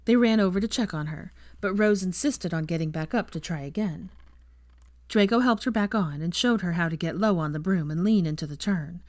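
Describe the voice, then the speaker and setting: A woman narrating fan fiction in a calm, even reading voice. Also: lowish voice, a little fast, dry recording. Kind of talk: storybook narration.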